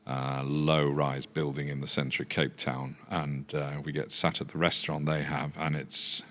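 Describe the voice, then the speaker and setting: An older man with an extremely deep voice, unhurried as he spins a story. He pauses on fillers and lets his anecdotes unfold in easy podcast chat. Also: little pitch movement, fairly bright tone. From Yorkshire. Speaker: guest, business founder.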